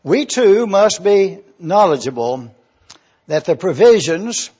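A man preaches a verse-by-verse sermon in a high, slightly husky voice, pausing to spell out words letter by letter. His delivery is slow and deliberate, and the recording sounds a little dull and muffled. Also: big pitch swings, a little mellow. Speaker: pastor. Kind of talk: expository sermon.

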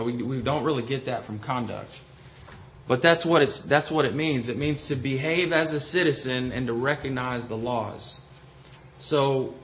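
Male Bible study teacher, hesitant explainer, dull lo-fi recording, faint hiss. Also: mid-range voice. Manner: explanatory, hesitant with frequent ums and restarts.

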